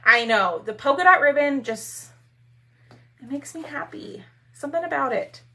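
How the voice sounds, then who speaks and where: A woman's voice: high-pitched, animated, normal speed, pushed and bright. A woman hosting a casual craft live stream, chatting with viewers while she works. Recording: faint background noise.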